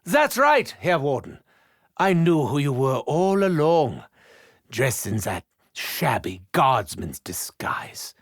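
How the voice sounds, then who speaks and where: An actor playing an unhinged, theatrical male German scientist in a game, with a German accent, shouting taunts and muttering erratically. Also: huge pitch swings, a little slow, no echo, clean studio sound. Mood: scheming. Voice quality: gravelly, wildly swooping pitch. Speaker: game character voice lines.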